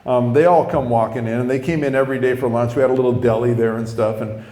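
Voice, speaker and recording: A man who is a pastor tells his conversion story in a sermon, with lively storytelling and self-mocking humor. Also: medium pitch, quick pace. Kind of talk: sermon testimony. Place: church. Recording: echoey hall.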